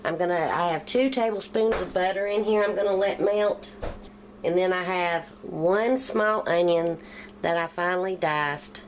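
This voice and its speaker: Country-accented woman, home-cooking host, slightly low voice, relaxed talk over faint kitchen noise. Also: measured pace, poor audio. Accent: Southern US country. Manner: chatty, step-by-step explaining while cooking. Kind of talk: casual cooking demonstration.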